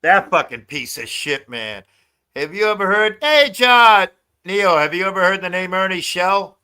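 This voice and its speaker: Profane, bright-voiced man ranting on stream. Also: sits high, expressive, unhurried, smooth. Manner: profane ranting, laughs often. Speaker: livestream host. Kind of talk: casual livestream chat.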